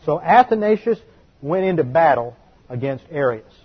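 A man leads a Bible study lecture in a slightly raised, breathy voice. He explains step by step and leans hard on the words he wants remembered. The recording sounds dull and lo-fi. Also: fairly high pitch, animated. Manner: explanatory, emphatic, slows to stress key words. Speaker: Bible teacher.

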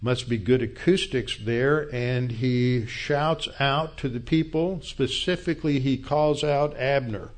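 A man's voice: medium pitch, slow pace, hardly any pauses. A man teaching through a Bible passage as a pastor, explaining verse by verse in a conversational way with asides.

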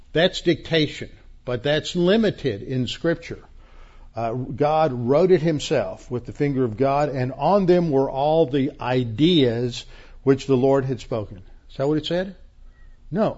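A man's voice: medium pitch, darkish tone, dull audio. A man from Texas, a pastor teaching the Bible word by word, emphatic and repeating key words, with frequent restarts.

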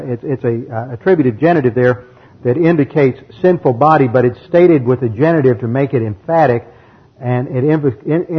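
Slightly rough and mid-range, this man's voice guides a methodical verse-by-verse Bible study, explaining grammar and reading the text aloud. The audio quality is dull and lo-fi.

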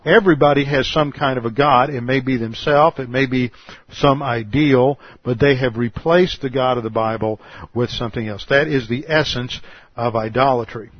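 A man preaching an expository sermon, teaching in a measured, emphatic way and posing rhetorical questions. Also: medium pitch, no room sound, lo-fi sound. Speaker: pastor.

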